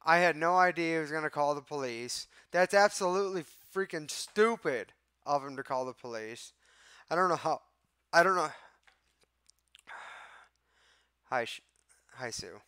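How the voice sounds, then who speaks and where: A man hosting a live stream, venting with a lot of swearing and answering his viewers by name. His voice is smooth and slightly high, recorded close and dry with no room sound. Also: measured pace, pauses often, bright, forceful tone, no echo. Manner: exasperated, profane, talks to chat. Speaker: livestream host. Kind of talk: casual live-stream talk.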